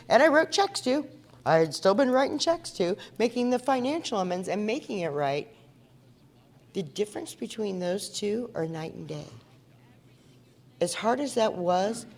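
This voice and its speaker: A woman's voice: medium pitch, darkish tone. A woman from Indiana speaking at a recovery meeting, telling her story in an earnest, conversational way and asking the audience questions. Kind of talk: personal recovery talk at a meeting. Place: meeting hall before an audience.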